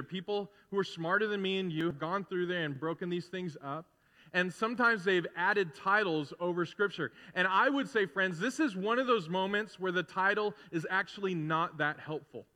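A middle-aged man preaching a sermon as pastor in a conversational way, building to loud, emphatic repetition. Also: sits high. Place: church sanctuary. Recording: long hall reverb in a church.

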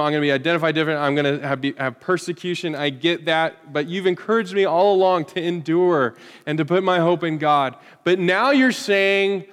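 A man preaching a sermon to his congregation, swinging from loud rhetorical questions to hushed, quiet lines. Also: high voice, smooth. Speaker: pastor. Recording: hall reverb.

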